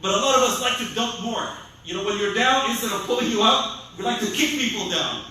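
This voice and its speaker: A man preaching a sermon as an imam, animated, acting out scolding voices of other people. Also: sits high, a little fast, recorded from a distance. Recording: echoey hall, voice from off-mic.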